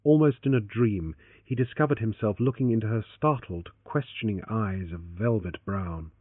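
A man's voice: lowish voice, moderate pace, no room sound. A man narrating an adventure novel as an audiobook. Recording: tinny phone-like, dry.

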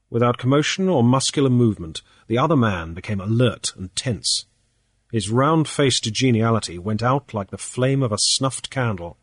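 A man reading a story aloud as narrator in a measured, steady way. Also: mid-range voice, dry recording, studio quality. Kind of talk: audiobook narration.

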